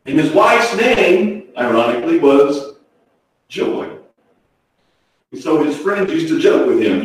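A man preaching a sermon, swinging from hushed, slow phrases to shouted ones. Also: a little high, big pitch swings. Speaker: pastor. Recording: echoey hall from far off.

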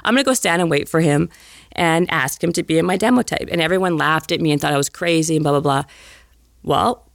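A woman guest on a podcast, telling a story with lots of "like" and acting out the people in it in higher voices. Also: fast talker, vocal fry, no echo, studio quality. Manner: lively storyteller, heavy use of "like". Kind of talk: animated anecdote in podcast interview.

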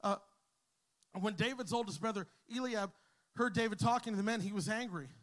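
A man who is a pastor, preaching a sermon to his congregation, telling a story with humor and rising to shouts. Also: high voice, a little fast. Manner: storytelling, jokes with the crowd, builds to shouting. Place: church hall with a congregation.

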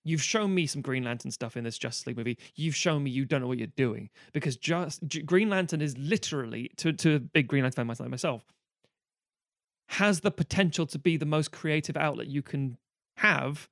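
Brief: man, podcast co-host, lively and profane, fairly high voice, dry close sound. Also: a little fast, creaky, dry recording. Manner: animated, swears freely, mock-quotes characters. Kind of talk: casual film discussion.

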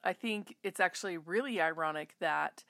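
Gravelly-voiced chatty woman host. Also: on the low side, moderate pace, a bit bright, dry recording, studio quality. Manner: chatty, self-interrupting, reflective. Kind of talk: casual chat.

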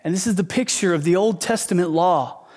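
Male pastor, sermon, emphatic storytelling, fairly high voice. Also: a little fast, a little mellow. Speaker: pastor, teacher.

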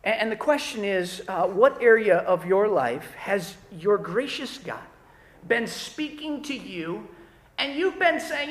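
A man's voice: sits high, animated, takes it slowly, a bit bright. A man preaching a sermon to a church congregation in a conversational style, acting out the people he quotes. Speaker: pastor. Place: church worship service. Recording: roomy church hall.

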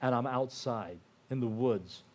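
Older male guest speaker, conversational testimony, earnest, mid-pitched, lots of "you know" and restarts. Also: measured pace. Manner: earnest and emotional, dropping softer at heavy moments. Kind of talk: personal testimony told to a church audience.

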